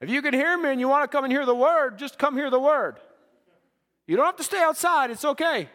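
Very high-voiced man preaching in an echoing hall. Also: brisk, a bit bright. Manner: earnest, repeats words while building a point. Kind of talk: sermon to young people. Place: church.

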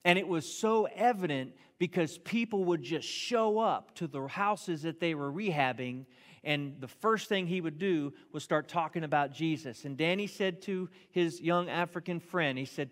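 A man's voice: on the high side, normal speed, a bit bright. Preaching man in a reverberant hall. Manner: emphatic, storytelling preacher. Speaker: pastor. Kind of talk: sermon. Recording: long reverb of a large hall.

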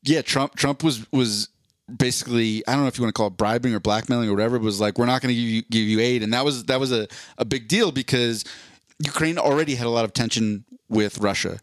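A man's voice: medium pitch, fast talker, dry recording. A man co-hosting a casual podcast chat, rambling and restarting as he explains things at length. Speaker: podcast co-host.

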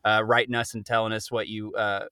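A man in casual podcast chat with a bright, forward tone. He talks in an easygoing, encouraging way, full of ums and uhs. The sound is dry and close, with no room around it. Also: fairly low pitch, level tone, a little fast, clear, resonant tone, no room sound. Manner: easygoing, encouraging, many fillers. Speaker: podcast co-host.

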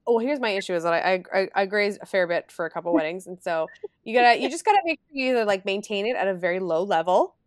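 A young woman co-hosting a casual wedding-advice chat, telling stories in an animated, chatty way with acted-out quotes. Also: medium pitch, quick pace, dry recording, studio quality. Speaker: podcast co-host, wedding planner.

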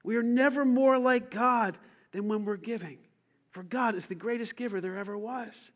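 A pastor preaching a sermon to his church, swinging from quiet, intimate lines to shouted calls for the congregation to repeat after him. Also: high-pitched, animated, moderate pace.

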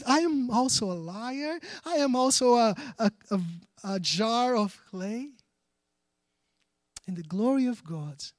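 A man delivers a sermon in earnest, mid-pitched and close to the mic. The sound is dry and close, with no room echo. He restarts his phrases often and checks in with his listeners as he goes. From Brazil. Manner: earnest, with frequent restarts and "right?" asides. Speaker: preacher.

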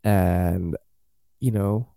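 A man's voice: low voice, very slow, gravelly, warm tone. A man chatting casually as a podcast host, rambling and acting out quotes in jokey voices. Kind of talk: casual chat.

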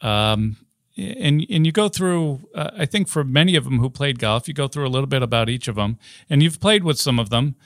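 A man's voice: medium pitch, lively intonation, a little fast, no room sound. Host guy asking rambly questions, dry close mic. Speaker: interview host. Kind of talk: interview questions.

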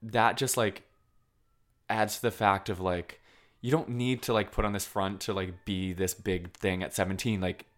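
A man from Vermont talking casually about a film, animated, with lots of filler words. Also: lowish voice, normal speed. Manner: animated, many fillers, acts out quoted lines.

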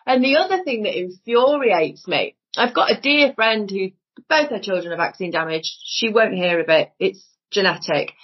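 Blunt, husky Northern English woman. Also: mid-range voice, normal speed. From Northern England. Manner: blunt, swears, animated and emphatic. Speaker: guest. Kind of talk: casual podcast conversation. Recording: dull lo-fi audio.

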